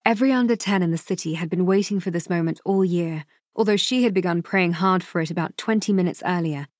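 A woman reading a novel aloud as an audiobook narrator, in a measured, even storytelling manner. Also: lowish voice, no echo, clean studio sound.

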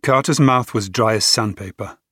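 Low-voiced man narrating a thriller audiobook. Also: normal speed, a bit bright, slightly rough, no echo, clean studio sound.

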